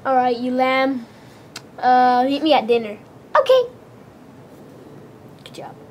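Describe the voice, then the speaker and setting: A woman voicing a rude, careless male turtle-dragon king in a homemade plush-toy comedy skit, talking in a flat, offhand way. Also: high-pitched, slow pace, lo-fi sound, slight background noise.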